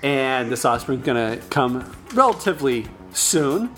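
A man's voice: unhurried, soft background music. A man co-hosting a casual sports podcast, playful and teasing, with a lot of movement in his voice. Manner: playful, teasing, lively swings in pitch. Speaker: podcast co-host.

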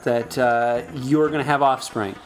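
A man's voice: a little slow, soft background music. A man co-hosting a casual sports podcast, playful and teasing, with a lot of movement in his voice. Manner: playful, teasing, lively swings in pitch. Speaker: podcast co-host.

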